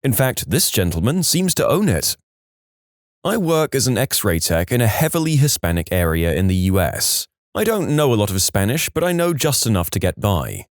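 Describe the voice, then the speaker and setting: A man's voice: lowish voice, sing-song, moderate pace, no room sound. A man reading funny reader-submitted stories aloud in a scripted narration with a dry comic delivery.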